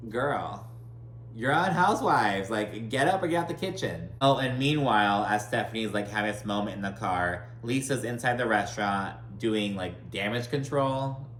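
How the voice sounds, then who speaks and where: Speaking in a lowish, slightly bright voice with lively intonation, this man recaps a reality show at a moderate pace. His take is gossipy and sarcastic, full of curse words and "like" fillers. He's a recap commentator, recorded in an echoey room with a faint hum.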